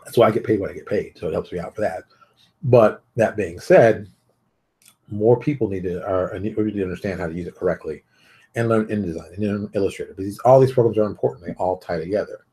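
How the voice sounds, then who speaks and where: Blunt ranting man, low voice. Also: brisk, dark tone. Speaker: show host. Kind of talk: casual advice monologue.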